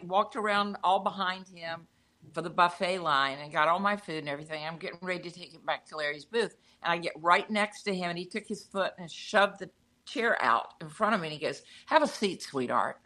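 A woman shares a lively anecdote in relaxed conversation, chatty and quick to set the scene. Her voice sits a little low but sounds bright and forward. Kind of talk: casual anecdote telling.

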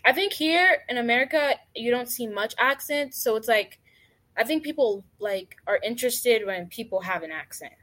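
A teenage girl from Uganda answers questions in a casual interview. Her voice sits a little high. She talks hesitantly and fills her sentences with filler words. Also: lively intonation, moderate pace, a bit bright. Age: teens.

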